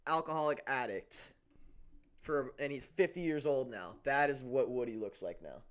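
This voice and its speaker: A man's voice: mid-range voice, moderate pace. A man co-hosting a sports show, talking bluntly and with profanity in casual chat. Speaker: sports podcast co-host.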